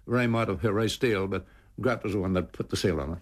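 An older man, a former cricketer recalling stories in an interview, animated and repeating words as he goes. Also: fairly low pitch, fairly quick. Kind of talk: anecdotal storytelling in an interview.

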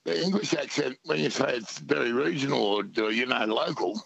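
A man's voice: mid-range voice, animated, brisk, vocal fry, a bit bright, lo-fi sound. An Australian man calling in to a radio show, chatting casually and rambling through anecdotes, often saying mate. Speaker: caller. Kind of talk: casual call-in chat.

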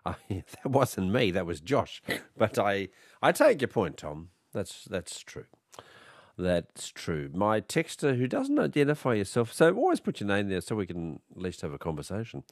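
Husky-voiced male radio host. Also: on the low side, wildly swooping pitch, moderate pace, dry recording, clean studio sound. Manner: chatty, hesitant, with many restarts. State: hoarse. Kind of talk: evening radio talk show.

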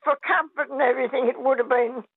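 Older woman, high and husky on phone. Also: steady tone, dry recording. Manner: warm, halting, hesitant. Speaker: caller. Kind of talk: phone-in radio chat. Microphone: phone line. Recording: tinny phone line.

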